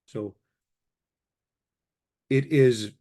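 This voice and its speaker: Man explaining grammar in a relaxed way. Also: mid-range voice. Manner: relaxed explaining, repeats word forms slowly. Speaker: language teacher. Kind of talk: casual grammar lesson, reciting conjugations.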